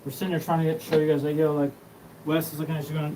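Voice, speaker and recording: A man's voice: a little high, little pitch movement, racing. A man rambling through a profane, scattered monologue as the host of his own show. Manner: rambling, profane, jumps between topics. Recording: distant mic with noticeable room hum.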